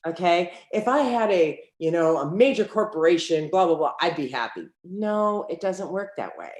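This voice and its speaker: A middle-aged woman, an entrepreneur guest on an interview, telling stories in a lively way and acting out the dialogue in them. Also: on the low side, normal speed. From United States. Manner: lively storyteller who acts out quoted dialogue. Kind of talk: conversational interview. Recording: roomy echo.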